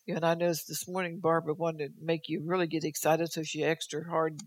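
A woman's voice: deep voice, level tone, fast talker, no echo. Older woman preaching, dry close sound. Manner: exhorting, delivers prophecy in first person as God; folksy, teasing asides. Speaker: church speaker. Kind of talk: sermon. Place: church service.

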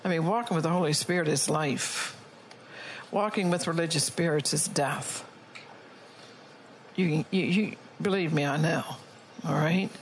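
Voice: mid-range voice, unhurried, long pauses, a little hiss or hum, poor audio. Preacher reading prophecy to a congregation. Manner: reads prophecy and scripture aloud, often checks in with "all right?". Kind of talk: sermon.

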